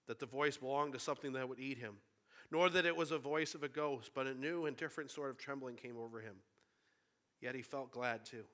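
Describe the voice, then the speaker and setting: A man's voice: fairly high pitch, sharp tone. A man preaching a sermon, retelling a story in an earnest, conversational way.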